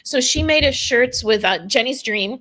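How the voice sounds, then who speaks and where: A woman co-hosting a podcast in casual chat, earnest and a bit halting as she talks. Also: fairly high pitch, lively intonation, fairly bright tone. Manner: earnest, with filler words and restarts. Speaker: podcast co-host.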